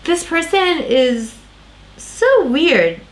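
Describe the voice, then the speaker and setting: A woman's voice: high-pitched, very animated, drawn-out words, low-quality recording. A woman doing a casual tarot reading, talking in a loose, rambling way with lots of fillers and restarts. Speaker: tarot reader.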